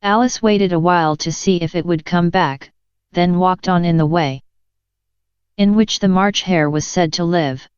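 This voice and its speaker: A woman narrating a children's storybook in an even, measured reading, in a dull lo-fi recording. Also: fairly low pitch, clear, resonant tone, dry recording. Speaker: audiobook narrator. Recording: dry, dull lo-fi sound.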